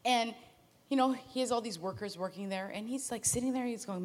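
A woman preaching in a casual, storytelling way, acting out the characters in quick asides. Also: on the high side. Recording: long hall reverb.

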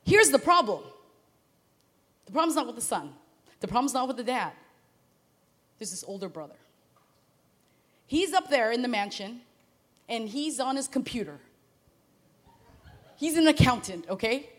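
Animated woman preaching in a reverberant hall. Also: on the high side. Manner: animated, acts out characters in quick asides. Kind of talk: casual storytelling sermon.

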